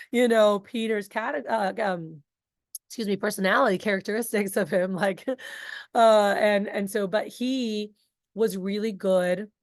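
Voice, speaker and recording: A woman coaches a group of sales reps. She is talkative and animated, with casual asides. Her voice sits at a middle pitch and sounds close and dry, with no room echo. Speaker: sales trainer. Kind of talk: energetic group training talk.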